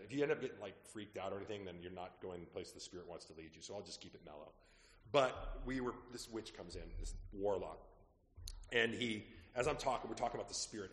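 A man preaching as a pastor, telling stories in a lively, conversational way that drops quietly at asides. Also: on the low side. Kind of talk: sermon storytelling. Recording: echoey hall with long reverb.

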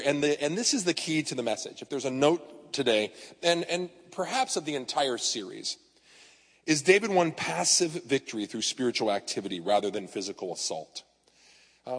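A male pastor preaching a sermon in a conversational, storytelling way, talking straight to his congregation. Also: medium pitch. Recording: long hall reverb.

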